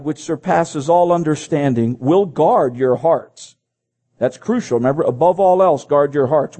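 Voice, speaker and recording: A man's voice: a little high, warm tone. A man preaching a sermon. He reads scripture aloud and breaks in with his own comments, repeating phrases as he goes.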